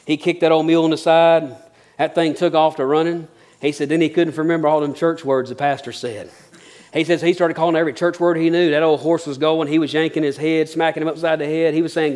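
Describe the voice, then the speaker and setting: Man, middle-aged pastor, folksy sermon storytelling, slightly high voice, earnest. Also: fairly even intonation, fast talker, darkish tone. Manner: folksy, earnest, building to emphatic preaching.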